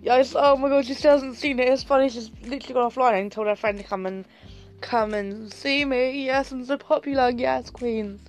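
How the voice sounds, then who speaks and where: A woman's voice: fairly high pitch, steady tone, a little fast, soft background music. A young woman vlogging in a casual, sassy, camp way, full of swearing and dramatic outbursts. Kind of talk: casual livestream chat.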